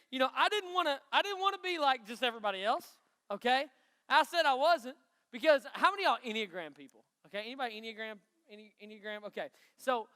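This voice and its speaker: High, bright East Tennessee country preacher. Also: male voice, smooth. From Knoxville, Tennessee. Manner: chatty, folksy, asks the crowd questions. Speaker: youth pastor. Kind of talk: youth sermon. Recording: long hall reverb.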